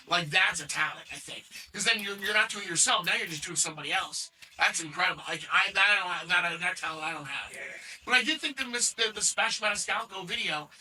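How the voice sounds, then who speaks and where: A man's voice: high voice, pushed and bright, recorded from a distance, slight background noise, poor audio. A man in his forties hosting a casual podcast chat, stumbling and repeating words with enthusiasm, with a New Jersey accent. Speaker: show host.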